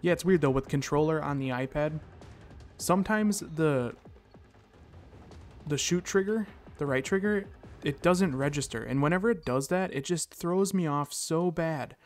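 A man with a high voice talks through his own match as a gaming channel host. He reacts with quick bursts of excitement and drops playful catchphrases between plays, recorded on a desk mic. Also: soft background music. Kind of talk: casual gameplay commentary.

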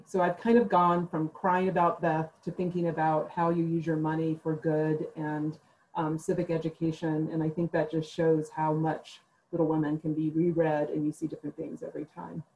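A woman giving measured, reflective remarks as a panelist at a book club event, with frequent pauses filled by "uh" and "um", over a video call. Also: low-pitched, dark tone, slight background noise, rough recording. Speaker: literature panelist.

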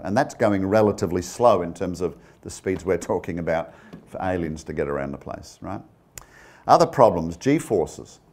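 A man's voice: lowish voice, darkish tone. A man giving a presentation with slides to a live audience. He talks conversationally, asks the listeners questions and throws in joking asides. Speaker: guest speaker.

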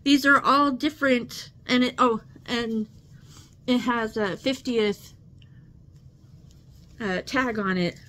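Brief: woman vlog host, slightly high voice, unhurried, gushing and teary. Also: fairly bright tone, a little hiss or hum. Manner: gushing, emotional, laughing often. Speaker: channel host. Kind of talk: casual unboxing vlog.

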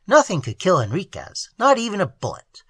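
A man reading a story voices a worldly man who tells his own tale wryly and calmly. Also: high-pitched, fairly quick, slightly rough, no room sound, exaggerated voice. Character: worldly adult man telling a tale, wry.

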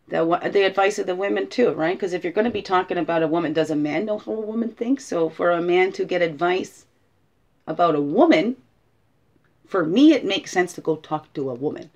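Heard through a muffled recording, a spiritual guide with a lowish, slightly mellow voice talks at a moderate pace. Her reflective, informal guidance comes across as thinking aloud, with "right?" tacked onto many sentences.

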